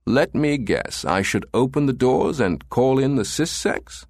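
A man voicing a cold, condescending male commander who speaks slowly and evenly. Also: on the low side, breathy edge, no room sound, studio quality, pitched above the performer's own voice, exaggerated voice. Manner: slow, even, icy.

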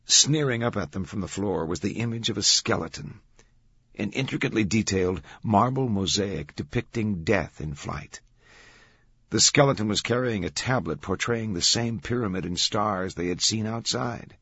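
A man narrating an audiobook in a measured, dramatic reading. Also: fairly low pitch, lively intonation, a bit bright, breathy edge, no room sound. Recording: dull, dry studio sound.

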